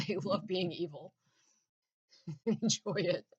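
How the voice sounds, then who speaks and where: A woman's voice: on the low side, very slow, breathy edge, poor audio. A woman in a casual, profane, intense rant with laughing asides.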